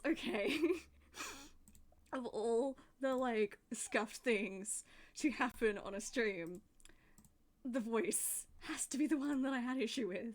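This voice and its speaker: A woman's voice: on the high side, slow. A woman live-streaming a game, chatting casually and laughing often at herself. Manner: giggly, laughs often, self-deprecating. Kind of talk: casual live-stream chat while gaming. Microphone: desk microphone.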